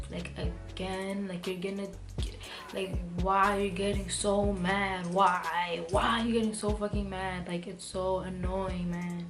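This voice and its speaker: Music plays under a young woman's storytime monologue for her vlog. Her mid-range voice stays level and measured while the content runs heated, profane and rambling, riddled with "like" and restarts.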